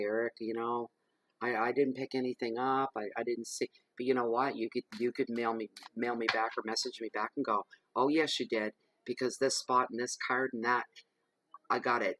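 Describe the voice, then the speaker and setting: A man gives a tarot reading to camera at home in the evening. He talks in a chatty, rambling way and slips into soft, murmured invocations. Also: medium pitch, level tone, a little fast, a little hiss or hum, low-quality recording. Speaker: tarot reader. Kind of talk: casual chat to camera during a tarot reading. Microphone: camera microphone.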